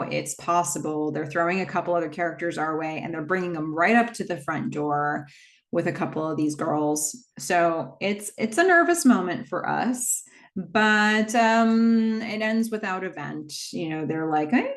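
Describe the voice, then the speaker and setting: Low-voiced woman recapping a horror film. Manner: chatty, quick plot retelling with asides. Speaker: horror movie recap host.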